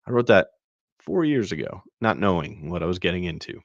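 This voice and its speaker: A podcast host with a very low, gravelly voice talks through a web tool in a loose, rambling way, full of fillers and restarts. The sound is dry and slightly dull, like a plain home setup. He comes across as relaxed and casual. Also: brisk, no room sound. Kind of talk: casual screen-share walkthrough.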